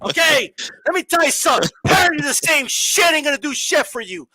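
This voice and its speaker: A man's voice: extremely high pitch, very animated, brisk, bright, forceful tone, low-quality recording. A man hosting a boxing podcast, ranting with lots of profanity, often raising his voice and mocking people. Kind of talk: heated uncensored podcast rant.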